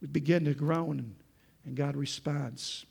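A man's voice: a little high, steady tone, a little slow, creaky, darkish tone, husky. A man preaching a sermon as pastor, impassioned, often calling out "folks" and "okay?" to the congregation. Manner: impassioned, often raises voice when voicing prayers and quotes.

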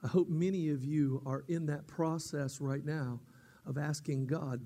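High-voiced man preaching a sermon. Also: measured pace. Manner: builds from calm teaching to loud, high-pitched emphatic preaching; repeats words and restarts, with fillers. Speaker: pastor.

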